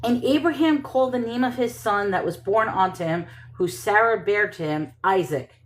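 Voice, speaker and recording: A woman reading Bible passages slowly and stopping to question and comment on them in casual talk. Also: mid-range voice, slight background noise. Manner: thinks aloud, questioning and self-correcting; reads scripture slowly and deliberately.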